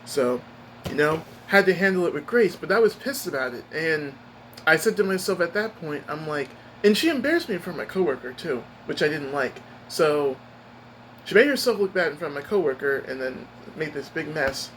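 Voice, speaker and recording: A young man with a slightly high voice rambles through a story from work, emphatic and expressive. He talks casually, piling on fillers and restarts as he vents to his viewers. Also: a little fast, slight background noise, poor audio. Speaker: streamer giving a life update.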